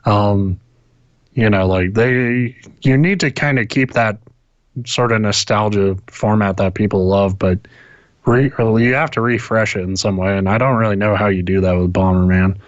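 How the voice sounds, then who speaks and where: Talking video games casually with his podcast co-host over an internet call, a man rambles, swears a lot and starts sentences over. His voice is fairly low at a normal speed. The recording is dry, with the highs cut off.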